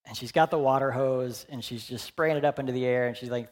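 A man in his forties, a pastor preaching a candid, conversational sermon that swings between loud emphasis and hushed, quiet moments. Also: medium pitch, steady tone, fairly quick, few pauses. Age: 40s.

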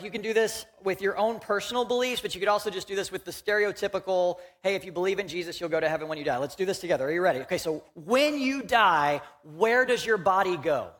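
Man, young adult, pastor, high-pitched, animated, joking, sermon to a congregation. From Houston, Texas. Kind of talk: conversational sermon. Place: church.

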